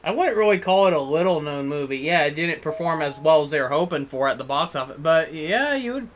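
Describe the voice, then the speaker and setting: A man's voice: a little high, expressive, brisk, a little hiss or hum. A man chatting casually and laughing often while playing a party card game with friends. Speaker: player.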